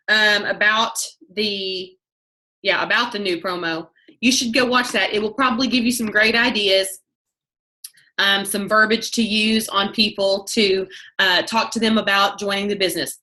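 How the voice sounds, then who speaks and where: Bright-voiced fast-talking woman leading a call. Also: medium pitch. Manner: fast, chatty, self-interrupting. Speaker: network marketing team leader. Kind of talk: team training call.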